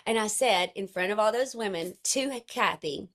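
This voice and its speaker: A woman's voice: fairly high pitch, moderate pace, hardly any pauses. A woman telling an emotional personal story to her sales team in an earnest way. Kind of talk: personal storytelling to an online group.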